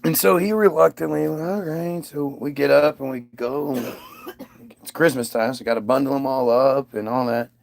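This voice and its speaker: Gravelly-voiced man telling a story. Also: mid-range voice, fairly even intonation, moderate pace. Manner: profane, aggrieved retelling with many restarts. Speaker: father telling a personal story. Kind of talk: casual storytelling chat.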